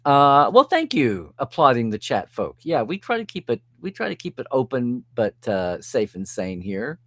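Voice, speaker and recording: A man's voice: medium pitch, wildly swooping pitch, normal speed, a bit bright, no room sound. Man chatting through a live stream. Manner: chatty, reads and answers comments, chuckles often. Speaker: host reading live chat. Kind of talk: casual live-stream chat.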